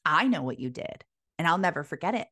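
A woman voicing a taunting male devil who whispers accusing lies, in a lowered, sneering tone. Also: very animated, fast talker, sharp tone, dry recording, clean studio sound, full character voice.

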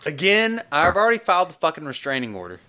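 A man co-hosting a casual podcast, cracking crude jokes in quick asides. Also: fairly high pitch, sing-song, pushed and bright.

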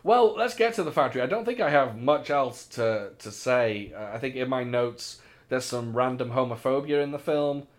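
Animated, opinionated man chatting. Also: medium pitch, moderate pace. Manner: chatty, opinionated, swears casually. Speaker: podcast co-host. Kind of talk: casual film discussion.

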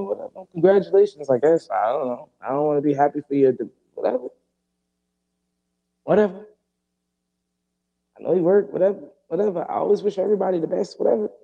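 A man hosting a podcast, telling a story in a casual, profane and animated way and acting out the dialogue. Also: on the high side, creaky, muffled recording. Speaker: podcast host.

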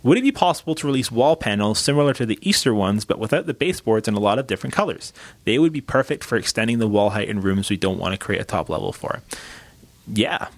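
A man's voice: fairly low pitch, animated, fast, dry recording. A man co-hosting a casual podcast, easygoing and agreeable, telling stories with lots of fillers. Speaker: podcast co-host.

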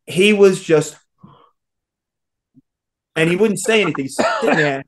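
A man telling a story in a casual chat, animated, acting out quotes and laughing often. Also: high voice, a little slow, a little hiss or hum.

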